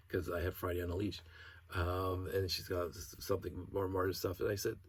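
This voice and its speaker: A man's voice: deep voice, flat delivery, moderate pace, husky, no echo. A man talking in a rambling, casual monologue as a hobby vlogger, restarting sentences and breaking into short laughs. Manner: rambling, self-interrupting storyteller who laughs between thoughts.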